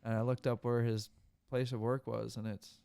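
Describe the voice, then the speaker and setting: A man with a Michigan accent talks quickly, running his words together and laughing often as he chats. His pitch sits in an ordinary middle range. He is recorded close and dry, with no room sound. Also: flat delivery, vocal fry, mellow, smooth, dry recording. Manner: fast-talking, laughs often, slips into quoted voices. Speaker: podcast co-host. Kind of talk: casual chat. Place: studio.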